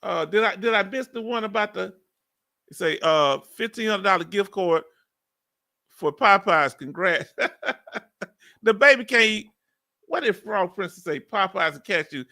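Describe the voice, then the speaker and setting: Hosting a laid-back live stream, a Texan veteran in his fifties reads viewer comments aloud, laughing often and chatting with drawling asides in his Southern accent. His high-pitched voice is gravelly and sharp with lively intonation, a little slow and with long pauses.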